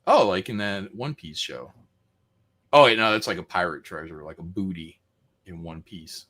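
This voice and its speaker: A man's voice: deep voice, normal speed, fairly bright tone. A man hosting a casual chat, joking and playful.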